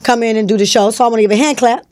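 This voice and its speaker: A woman's voice: fairly high pitch, fairly even intonation, rapid-fire, a little mellow, slight background noise. A woman hosting a live call-in show, talking in a bossy, teasing, slangy way into a studio mic. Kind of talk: casual live-stream talk. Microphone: studio microphone.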